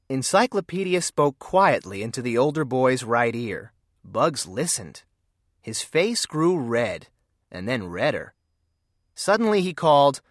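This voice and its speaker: Lively storybook narrator, dry close sound. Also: mid-range voice, measured pace, no room sound. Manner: expressive storybook reading. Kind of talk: children's story read aloud.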